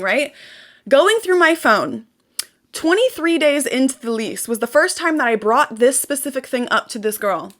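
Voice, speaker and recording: A woman's voice: on the high side, lively intonation, normal speed. A young woman vlogger venting to her viewers in an intense, emotional monologue, swearing and repeating phrases for emphasis.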